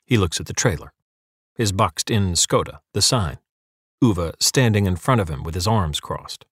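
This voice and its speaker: A man's voice: deep voice, animated, normal speed, fairly bright tone, breathy edge, dry recording. Man narrating an audiobook in a dry booth. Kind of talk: scripted narration.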